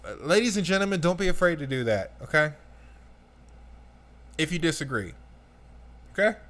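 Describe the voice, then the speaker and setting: Male reaction commentator, lively and swooping pitch, ranty, talks straight to the audience. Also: normal speed. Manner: animated, ranting, addresses the audience. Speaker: commentator reacting to a video clip.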